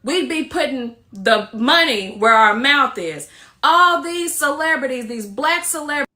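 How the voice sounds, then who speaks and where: Lecturing woman with a bright voice. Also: high voice, lively intonation, unhurried. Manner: lecturing, preachy. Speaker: social media commentator. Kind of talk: social media video monologue.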